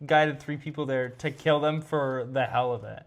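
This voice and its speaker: A man's voice: mid-range voice, fairly even intonation, normal speed. A man co-hosting a podcast in casual chat, joking and asking pointed questions. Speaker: podcast co-host.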